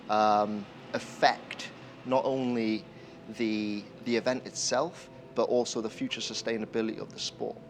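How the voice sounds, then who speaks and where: A man, a deputy clerk of the course, explaining his volunteer role in a measured, halting way full of fillers and restarts. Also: on the low side, slight background noise. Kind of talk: casual explanatory talk to camera.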